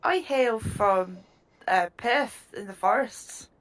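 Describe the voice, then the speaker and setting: A woman's voice: on the high side, slow pace. A woman voicing a cheerful female gnome in a put-on Irish accent, chirpy and lilting.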